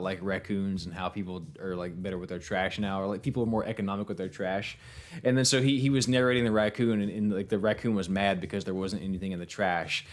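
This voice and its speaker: Tired, fast-rambling low-voiced male streamer. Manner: rambling, easygoing, laughs often, many fillers. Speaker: game streamer and voiceover actor. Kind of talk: casual live-stream chat.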